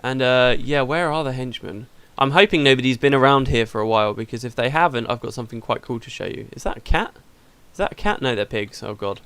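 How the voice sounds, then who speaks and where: A man's voice: mid-range voice, fairly even intonation, fast, few pauses, fairly bright tone, clean tone, no echo. A man hosting a let's play, chatting casually through the game and laughing easily.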